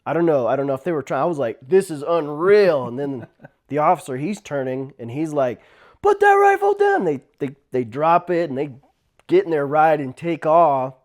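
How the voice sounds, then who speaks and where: Animated storytelling man, laughing often. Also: fairly high pitch, brisk. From Navajo Nation, US Southwest. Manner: animated, laughs often, acts out quoted shouts loudly. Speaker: former tribal police officer. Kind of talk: casual storytelling.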